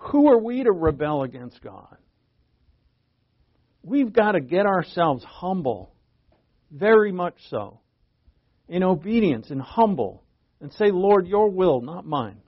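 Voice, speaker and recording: Casting: male preacher, fifties, slightly high voice, chatty rhetorical delivery, muffled lo-fi sound. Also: sing-song, slow, pauses often. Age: 50s. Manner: conversational, rhetorical questions, frequent restarts. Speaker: pastor. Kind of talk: sermon, Bible teaching. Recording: dull lo-fi recording.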